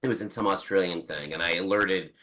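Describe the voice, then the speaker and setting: A man's voice: low voice, brisk, a bit bright, low-quality recording. A man in his forties, a book's author, chatting as a guest on a podcast in a rambling way with many restarts and quoted asides. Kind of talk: casual podcast interview.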